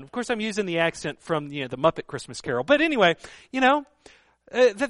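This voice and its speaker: A man preaching a sermon, earnest and emphatic, with a fairly high voice. He often sinks to a hushed tone to press his point. The recording is dry and close. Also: very animated, fast, dry recording. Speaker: pastor.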